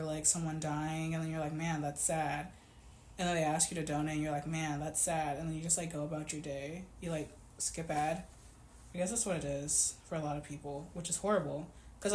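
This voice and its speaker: A woman in her twenties chatting casually to camera in a vlog, animated and full of "like". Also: lowish voice. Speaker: vlogger. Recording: echoey room, faint background noise.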